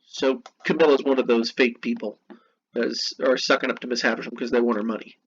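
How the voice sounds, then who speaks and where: A man's voice: mid-range voice, steady tone, a little fast. Guy going over class notes, chill and chatty, muffled lo-fi sound with a bit of hiss. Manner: casual, chatty asides. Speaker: teacher. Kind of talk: reading notes and explaining a novel. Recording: dull lo-fi recording with faint noise.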